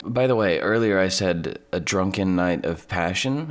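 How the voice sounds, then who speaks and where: A video essayist in his twenties gives rambling, profane, self-deprecating commentary in a casual way, often trailing off and restarting his sentences. His voice sits low and is animated, at a moderate pace.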